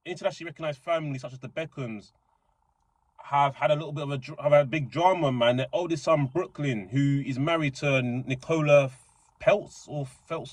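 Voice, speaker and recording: A young man giving casual, excitable commentary, rambling with slang and frequent restarts. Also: a little high, dry recording. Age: young adult. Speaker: reaction channel host.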